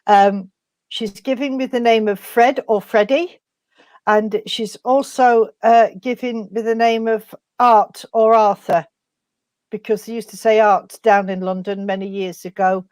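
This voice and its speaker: A woman medium giving messages from spirit at a service, speaking haltingly with many pauses and fillers. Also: mid-range voice, fairly even intonation, darkish tone, no room sound. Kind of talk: spiritualist demonstration.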